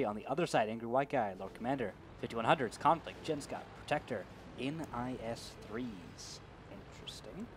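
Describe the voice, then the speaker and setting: A man doing color commentary on an esports match, goofy and jokey, with dry asides. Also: medium pitch. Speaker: esports co-caster.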